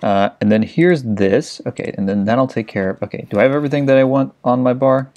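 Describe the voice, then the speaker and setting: A young man, a let's play gamer, gives frantic commentary packed with swearing as he plays a video game. His voice is mid-range, a little fast, and slightly mellow, and the talk is casual gameplay commentary.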